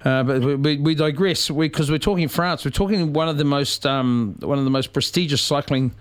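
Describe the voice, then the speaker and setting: A man's voice: a little high, a little fast. A man hosting a casual radio chat, playful and rambling with many restarts. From New Zealand. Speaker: radio host.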